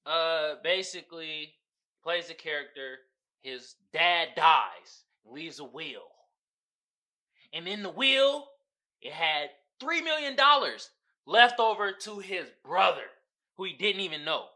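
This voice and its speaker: Lively, bright-voiced podcast host man. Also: fairly high pitch, slow pace. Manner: animated, profane slangy storytelling; laughs often, acts out voices of people in the story. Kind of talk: casual comedic podcast monologue.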